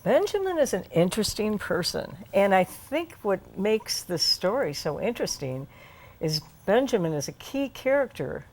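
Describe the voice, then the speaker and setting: A woman's voice: medium pitch, big pitch swings, normal speed, a little mellow. A woman guest in a casual book discussion, thoughtful and agreeable.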